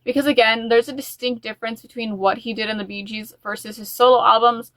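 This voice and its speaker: Chatty bright-voiced woman vlogging about music. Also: fairly high pitch, fairly even intonation, fast talker, dry recording. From United States. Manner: chatty and rambling, with fillers and restarts; openly emotional. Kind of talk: casual music vlog.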